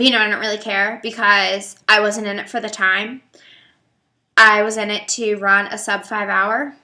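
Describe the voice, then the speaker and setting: A woman's voice: medium pitch, bright, forceful tone. A young woman talking casually to her viewers, rambling and hesitant with many fillers. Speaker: vlogger. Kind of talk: casual talk to camera.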